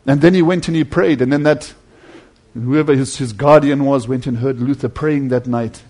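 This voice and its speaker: At a moderate pace and in a mid-range voice, a male preacher moves between forceful, loud passages and quiet near-whispers. Throughout the sermon he earnestly refers to his listeners as friends.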